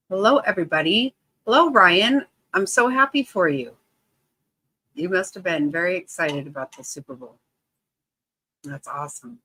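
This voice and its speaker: A woman hosting a casual livestream, greeting her viewers by name in a bubbly, excitable way and laughing often. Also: fairly low pitch, normal speed, long pauses, slightly rough, rough recording. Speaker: livestream host.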